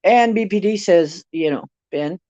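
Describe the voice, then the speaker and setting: A woman hosts a casual livestream in a slow, unhurried way, musing aloud as she drifts from one speculative thought to the next. Her voice sits dry and close, with a dull, lo-fi quality to the stream audio. She chats with her viewers and reads their comments as she goes. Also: lowish voice, dark tone, no room sound. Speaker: livestream host reading viewer chat.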